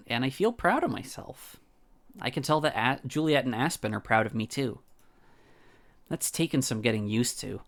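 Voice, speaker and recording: A man streaming, reading a visual novel aloud in a calm first-person narrator voice. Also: mid-range voice, vocal fry.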